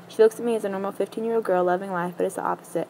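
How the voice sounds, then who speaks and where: A woman reads a story aloud at a brisk clip, her voice sitting at an ordinary middle pitch. She keeps a plain, unadorned delivery and trips over a word here and there. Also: steady tone, mellow, slight background noise, poor audio. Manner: quick, plain reading with small stumbles.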